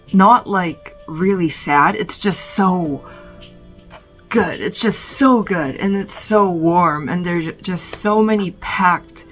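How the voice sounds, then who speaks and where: A woman vlogging from her bedroom, talking about films in a reflective, halting way full of "like". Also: medium pitch, rough recording. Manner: reflective, halting, heavy use of "like". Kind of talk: casual film recommendations.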